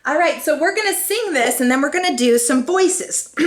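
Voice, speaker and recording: A woman's voice: sits high, animated, normal speed, echoey room. A young woman teaching her children, speaking and then singing short memory lines in an encouraging, sing-song way. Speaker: homeschool teacher and mother. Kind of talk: children's lesson with sung memory work.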